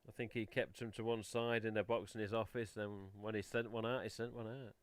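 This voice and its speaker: Chatty English man, smooth voice. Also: on the low side, little pitch movement, a little fast, dry recording. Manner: chatty, mild swearing, talks while handling items. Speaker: host of a collectors' live stream. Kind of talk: casual live-stream chat. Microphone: headset.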